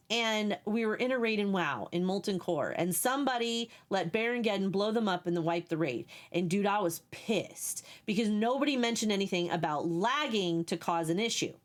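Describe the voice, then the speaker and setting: A woman with a youthful voice and a Texan Southern accent, chatting candidly with stream viewers from a home setup, swearing freely and throwing in quick asides. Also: medium pitch. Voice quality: youthful-sounding voice. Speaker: livestreamer. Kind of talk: casual chat with stream viewers.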